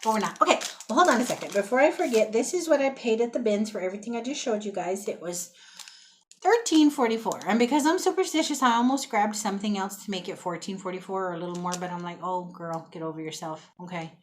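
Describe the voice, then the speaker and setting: A woman chatting casually to the camera as she shows off a thrift haul, excitable and talkative, calling her viewers y'all. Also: mid-range voice, fast talker, a little hiss or hum.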